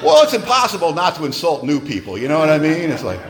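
A man sharing his story at a recovery meeting, animated and joking in a wry way. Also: fairly high pitch, fast talker.

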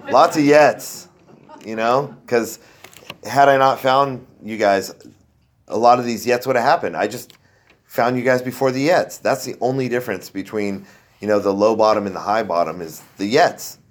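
A man's voice: mid-range voice, normal speed. A man shares his own recovery story in loose, casual testimony. He rambles with fillers and restarts, and he jokes at his own expense as he goes. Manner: rambling and self-deprecating, with many fillers and restarts. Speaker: speaker sharing a recovery story.

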